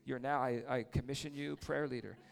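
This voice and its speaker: A man preaching casually, telling a lively story and then praying over people in a church or meeting hall. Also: medium pitch, brisk, creaky. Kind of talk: sermon with story and prayer.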